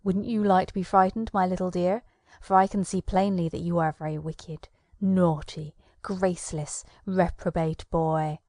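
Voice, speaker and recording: A woman voicing a blustering, cowardly male conjurer in a storybook reading, gruff when he taunts and shrill when he panics. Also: steady tone, normal speed, warm tone, no echo, studio quality, close to an everyday voice. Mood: gruff taunting.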